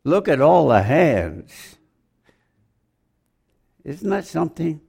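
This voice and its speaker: A man's voice: on the high side, very animated, takes it slowly, vocal fry, dark tone, breathy edge. A man preaching a sermon, rambling, joking with the congregation and asking them questions.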